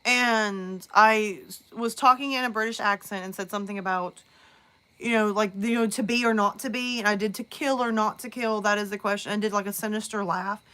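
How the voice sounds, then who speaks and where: Bright-voiced woman chatting on a live stream. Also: medium pitch, fairly even intonation, a little fast, smooth. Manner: rambling, chatty storytelling with restarts. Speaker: horror narrator and live streamer. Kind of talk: casual live-stream chat.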